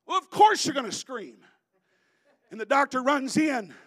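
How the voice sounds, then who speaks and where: A man in his thirties from Florida preaches a sermon, telling his story in a lively, animated way. His voice sits high for a man. He breaks into shouting at the peaks. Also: a little slow. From Florida, USA. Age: 30s.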